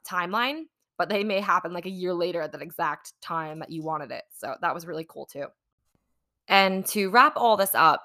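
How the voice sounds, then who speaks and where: Her voice fairly low with a sharp tone, the host of her own podcast, a manifesting coach, rambles through a personal story. The talk is chatty and thick with "like" and "you know."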